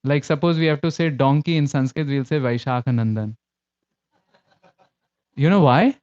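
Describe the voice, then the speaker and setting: A man's voice: medium pitch, normal speed, darkish tone, dry recording, dull audio. A man with an Indian English accent giving a storytelling sermon, acting out quoted voices as he goes. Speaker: lecturer in a devotional class.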